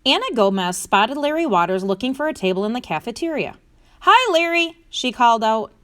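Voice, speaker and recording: A woman's voice: fairly high pitch, lively intonation, fairly quick. A woman teacher reading a story aloud and explaining a reading lesson, using explanatory fillers like "so basically".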